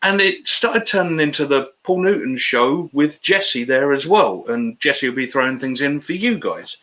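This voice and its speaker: A man's voice: mid-range voice, expressive, normal speed, pushed and bright, poor audio. A man, a guest telling stories in casual, matey banter on a video-call interview. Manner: chatty storyteller, matey banter.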